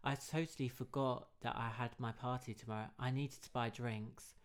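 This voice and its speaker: A man's voice: medium pitch, steady tone, moderate pace. A man hosting a comedy podcast, reading a story aloud and breaking off into cheeky banter with swearing.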